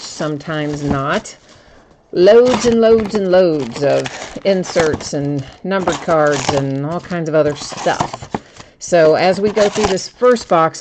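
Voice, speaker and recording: A woman's voice: low-pitched, noisy background. A woman hosting a live card break stream, chatting casually with viewers, greeting them by name and laughing easily.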